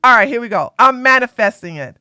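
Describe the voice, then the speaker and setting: A woman host doing live-stream commentary in an animated, sarcastic way, often breaking into laughter. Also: a little high, brisk, no echo, clean studio sound.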